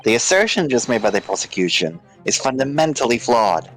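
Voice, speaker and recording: A man voicing an earnest young male defense lawyer, laying out an argument in measured tones. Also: mid-range voice, sing-song, a bit bright, soft background music, rough recording. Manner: measured, explanatory courtroom delivery.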